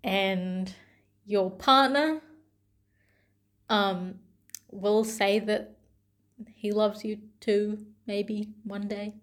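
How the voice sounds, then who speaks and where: A young woman speaks slowly and tenderly, taking her time, with a voice of ordinary middle pitch. She sounds gentle and heartfelt, pausing often and letting small laughs slip in. Her delivery is intimate and personal. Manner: slow, gentle and tender, with soft laughs and pauses. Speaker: vlogger.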